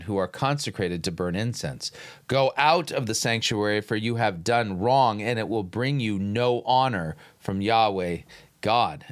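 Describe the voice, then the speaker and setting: Man reading scripture aloud, bright tone. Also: on the low side. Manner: sarcastic, incredulous interjections. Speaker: podcast host critiquing a sermon.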